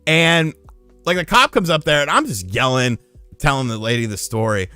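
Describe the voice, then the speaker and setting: A livestreamer with a smooth, mid-range voice tells lively, profane, meandering stories at a normal pace in casual chat. The recording is dry, with soft music in the background.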